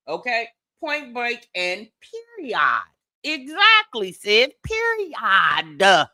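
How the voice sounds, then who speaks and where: Sex: woman. Role: podcast host. Style: sassy casual commentary. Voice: bright, somewhat high, very animated. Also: slow pace, no room sound. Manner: lively, sassy, laughing asides.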